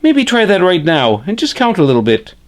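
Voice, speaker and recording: A man's voice: high-pitched, wildly swooping pitch, voice pushed up. A man voicing Frederick, a friendly male hand puppet who teaches puppetry basics on camera in a chipper way, often tagging "eh?". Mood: encouraging. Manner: chipper, says "eh?" a lot, slow and deliberate.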